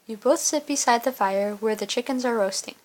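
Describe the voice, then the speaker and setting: A woman's voice: fairly high pitch, a little fast, low-quality recording. A woman reading the narration of an interactive story game aloud, plainly and casually, with small slips.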